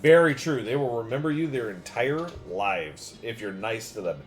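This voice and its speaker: A man's voice: mid-range voice, lively intonation, moderate pace, soft background music, natural voice. Genteel lady birdwatcher, fluttery and polite, played by a man. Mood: gushing. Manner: prim, gushing. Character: polite, bird-loving middle-aged lady.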